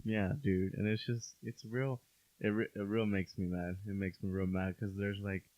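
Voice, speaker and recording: A man's voice: on the low side, little pitch movement, normal speed, darkish tone, no room sound. A young man co-hosting a podcast, chatting casually, swearing a lot and searching for words as he rambles. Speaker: podcast co-host. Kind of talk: casual chat. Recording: dull lo-fi dry sound.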